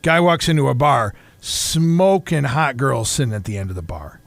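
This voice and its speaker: A man co-hosting a radio talk show, chatting casually and dropping low and quiet to tell a joke. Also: sing-song, moderate pace, creaky, no echo. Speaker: radio co-host.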